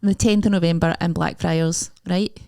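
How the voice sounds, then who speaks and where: A woman's voice: fairly low pitch, steady tone, normal speed, gravelly, dark tone, clean tone. A young Scottish woman, a comedian co-hosting a podcast, chatting and gossiping casually with her friend. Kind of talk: casual chat.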